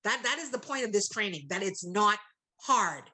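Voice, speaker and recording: Bright-voiced woman leading a video call. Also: mid-range voice, moderate pace, low-quality recording. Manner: animated, playful, teasing participants with mock quotes. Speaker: trainer leading an online presentation. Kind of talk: online training call.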